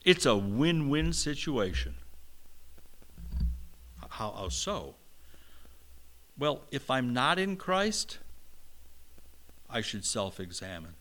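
A middle-aged man preaching a sermon, slow and emphatic, with a touch of humor. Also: slight background noise. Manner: slow, emphatic preaching with lively pitch swings. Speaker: pastor.

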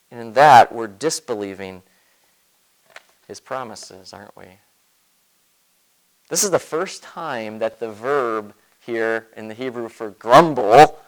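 A man preaching a sermon as pastor, expressive, swinging between loud emphasis and quiet asides, with many rhetorical questions. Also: a little high, rough recording.

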